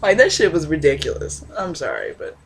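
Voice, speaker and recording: Vlogger, young woman, lowish voice, cusses a lot, laughs through her stories. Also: wildly swooping pitch, fairly quick, gravelly, slightly rough. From Indiana, USA. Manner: profane, blunt, laughs often. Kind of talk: casual storytelling monologue.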